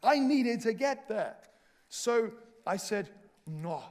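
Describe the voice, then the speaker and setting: A man preaching in a church, telling a self-mocking travel story with lively humor. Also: extremely high pitch, slow. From Wales. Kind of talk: storytelling sermon. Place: church hall.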